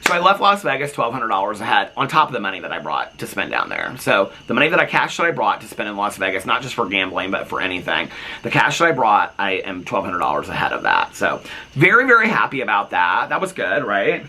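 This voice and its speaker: A man's voice: on the low side, quick pace, a little hiss or hum. A man telling a long casual story on his vlog, chatty and full of asides, on a front porch. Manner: animated, chatty, lots of fillers and asides. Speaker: vlogger.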